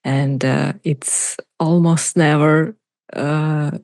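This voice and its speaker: Slow, low-voiced woman host. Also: fairly even intonation, darkish tone, no room sound. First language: Russian. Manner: laughs often, hesitant with many fillers. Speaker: podcast host. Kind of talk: casual conversation.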